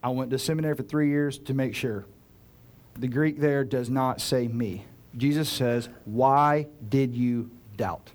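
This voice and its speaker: A man preaching a sermon as a pastor, earnest and direct, swinging between loud urgent pleading and hushed, slow emphasis. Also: mid-range voice, fairly even intonation. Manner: earnest, direct address to listeners.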